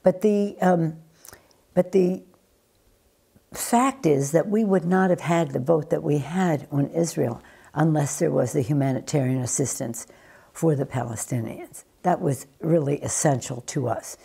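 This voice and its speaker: An older American woman answering questions in a news interview, deliberate and emphatic, often restarting her sentences. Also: low-pitched, vocal fry, warm tone, breathy edge. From United States. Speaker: interviewee, former politician.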